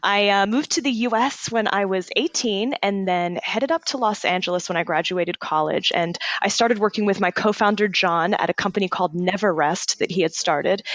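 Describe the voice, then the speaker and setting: A woman's voice: medium pitch, a bit bright, no echo, highs cut off. Chatty upbeat woman with an American accent. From Australia. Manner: chatty, upbeat, laughs easily. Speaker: guest, startup co-founder. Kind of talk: casual interview.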